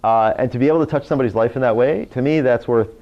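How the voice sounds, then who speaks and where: Speaking rapid-fire in a mid-range voice, an internet radio host addresses a speakers' group live in a meeting room. His stories are animated and full of "you know" and "right?", captured on a dull, lo-fi recording.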